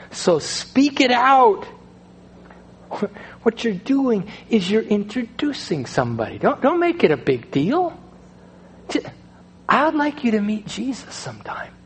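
A male pastor preaching a sermon in a conversational style, swinging between loud stretches and hushed ones. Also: fairly high pitch, a little hiss or hum.

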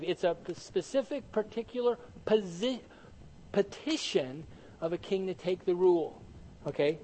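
A male pastor preaching a sermon in an animated way, peppered with rhetorical questions. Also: sits high, moderate pace, poor audio.

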